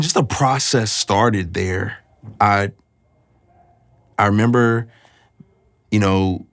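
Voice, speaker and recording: Man telling his faith story, low-pitched, candid, searching for words. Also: fairly bright tone. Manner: earnest and confessional, pauses often to find words. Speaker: speaker sharing a personal testimony.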